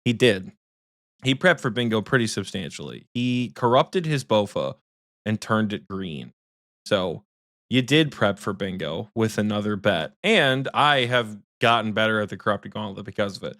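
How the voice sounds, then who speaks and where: A man co-hosting a podcast who tells a story in a casual, teasing, profane way, often speeding up into quick bursts. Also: lowish voice, lively intonation, fairly bright tone, no room sound, studio quality. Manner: rapid bursts of speech. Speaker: podcast co-host.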